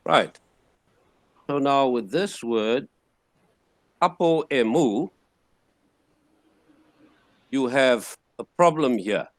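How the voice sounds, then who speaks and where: A male teacher lecturing at an unhurried pace, repeating each word several times so students can copy it. His voice sits at an ordinary pitch. The recording is dry and close, with no room sound. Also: lively intonation, no room sound. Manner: patient, repeats words slowly to model pronunciation. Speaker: Greek teacher. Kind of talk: classroom lecture.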